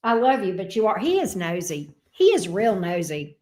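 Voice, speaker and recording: A woman's voice: mid-range voice, very animated, moderate pace, warm tone. A woman tarot reader, chatting casually and playfully on her livestream with frequent fond asides. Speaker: tarot reader and channel host.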